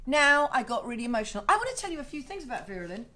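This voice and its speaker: A woman's voice: high-pitched, sing-song, very fast, noisy background. A middle-aged woman from South Wales, hosting a casual livestream rant, emotional and swearing freely as she rambles. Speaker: host.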